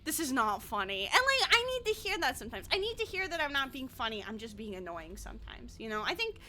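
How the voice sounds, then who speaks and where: Woman VTuber, chatty and swear-happy, high and lively delivery, laughs often. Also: fast. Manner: rambling, laughs a lot, swears freely. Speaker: VTuber streamer. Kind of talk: casual stream chat while gaming.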